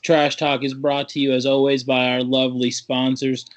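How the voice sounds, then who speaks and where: A man's voice: mid-range voice, flat delivery, normal speed. A man co-hosting a casual talk show, trading playful insults with his partner. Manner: playful trash-talking banter. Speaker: podcast co-host. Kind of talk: casual chat.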